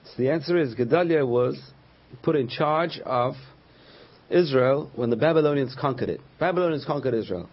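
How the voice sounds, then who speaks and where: Husky man giving a Torah class. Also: medium pitch, moderate pace, muffled recording. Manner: storytelling, acts out quoted voices. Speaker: rabbi teaching a class.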